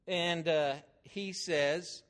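Older man, preacher, sermon, emphatic, lively swings in loudness, slightly high voice. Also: extremely slow.

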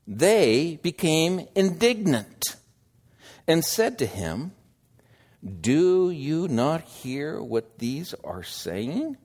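Slow, expressive male preacher. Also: a little high. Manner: slow, deliberate, swings from loud emphasis to hushed asides. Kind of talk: sermon.

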